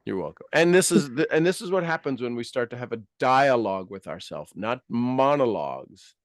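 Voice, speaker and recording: A man's voice: medium pitch, expressive, moderate pace, dry recording, clean studio sound. A man giving a motivational coaching talk, acting out quoted voices and laughing often.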